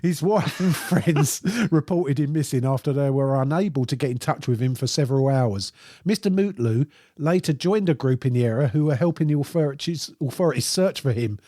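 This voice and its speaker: A man's voice: mid-range voice, brisk, warm tone, no room sound, studio quality. A middle-aged man co-hosting a podcast, casually chatting and reading out odd news stories, often laughing as he reads. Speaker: podcast co-host.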